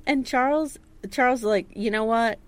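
A woman in her thirties co-hosting a casual chat, animated and sarcastic as she recounts scenes and acts out lines. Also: on the high side, normal speed. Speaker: podcast co-host recapping a TV episode.

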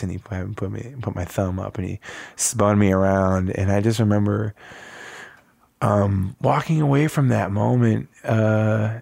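A man in his forties from Wisconsin, telling a personal story in conversation, reflective and halting with many fillers. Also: on the low side, fairly even intonation, vocal fry, darkish tone, no echo. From Wisconsin, USA. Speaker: interview guest.

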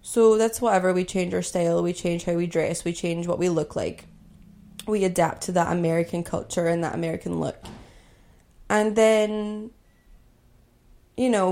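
A woman's voice: medium pitch, gravelly, warm tone. A young woman from Scotland hosting a podcast, telling a personal story in a candid, conversational way with lots of "like" and "you know". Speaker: podcast host.

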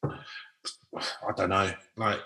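Bright, bantering male podcast co-host. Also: low-pitched, flat delivery. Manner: quick-witted, bantering, laughs often. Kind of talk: casual chat.

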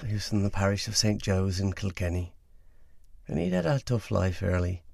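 A man's voice: low voice, animated, normal speed, creaky, a little mellow, no echo, clean studio sound. A man co-hosting a podcast in a casual chat, swearing freely and laughing as he tells stories. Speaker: podcast co-host.

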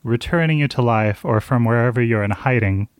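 A guarded young chef apprentice with a dry, sardonic tongue, played by a man. His voice is mid-pitched and recorded close and dry. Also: a little fast, no echo, natural voice. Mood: probing. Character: male apprentice chef Zelf, wry and guarded.

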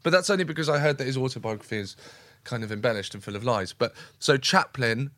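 A man chatting as a comedian guest, eager and rambling, acting out small scenes as he goes. His voice sits at an ordinary middle pitch. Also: quick pace, a bit bright, no room sound. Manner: enthusiastic and rambling, acts out little scenes. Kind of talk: casual podcast interview chat.

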